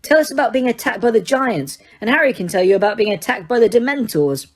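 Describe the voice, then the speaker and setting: An outspoken teenage boy who pushes with blunt questions, as a woman reads him in a storybook audiobook. His lines come a little higher and brighter than her narration. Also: expressive, fast.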